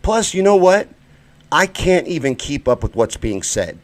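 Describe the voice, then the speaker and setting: A man from the United States hosting a live-stream rant show, heated and profane, swinging between loud outbursts and low muttering. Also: sing-song, unhurried. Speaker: show host.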